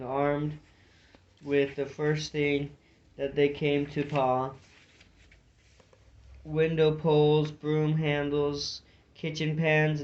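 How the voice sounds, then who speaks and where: A man reading a fantasy storybook aloud, narrating with occasional slips and restarts. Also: on the high side. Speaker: audiobook reader. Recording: dull lo-fi recording.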